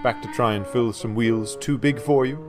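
A man's voice: mid-range voice, fairly even intonation, normal speed, over music, voice pushed up, natural voice. A man voicing a cheeky, proud little male tank engine with a sniffy manner, for a storybook. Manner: sniffy, breathless.

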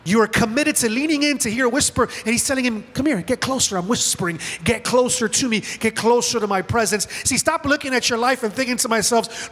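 A man preaching with a high, bright, ringing voice, animated and dramatic, often acting out the lines he quotes. His sermon echoes with a long reverb through a large church hall. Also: fairly quick, few pauses. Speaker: pastor. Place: church auditorium.

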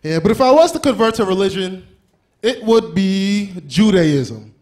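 A man performing a stand-up comedy set on a club stage, crude and animated, slipping into quick character voices. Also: high-pitched.

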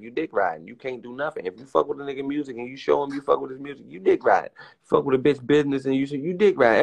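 This is a young man on a live stream with a creaky, mid-range voice. He rants in a loose, emphatic, swear-heavy way and performs other people's lines in rapid impressions.

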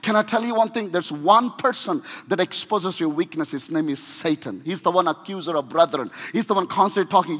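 A man with an Indian accent preaching a sermon, swinging between shouting and hushed delivery, with humorous asides. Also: high-pitched, expressive, a little fast, few pauses, breathy edge. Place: church sanctuary. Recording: long reverb of a church hall.

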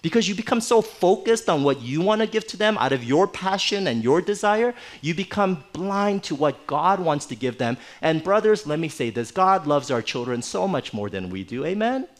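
A middle-aged man preaching a sermon in a church, conversational and animated, with playful asides. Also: fairly high pitch, normal speed, hardly any pauses. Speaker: pastor.

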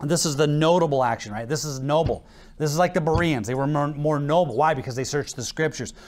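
A man preaching a sermon as pastor, with an American accent, animated and quick to act out little exchanges and laugh. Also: on the high side. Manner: animated preaching, acts out dialogue, laughs often.

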